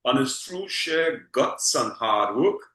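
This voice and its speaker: A Trinidadian man with a Trinidadian accent chats casually as a guest, frequently repeating words and ending lines with "okay?". His voice is medium-pitched, slow and sharp, with lively intonation. The low-quality recording was made in an echoey room.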